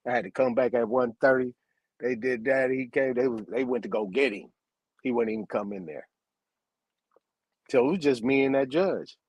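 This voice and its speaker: A man's voice: medium pitch, normal speed, long pauses, darkish tone, husky, no echo. A man telling a long story in a casual chat, laid back and acting out both sides of a conversation.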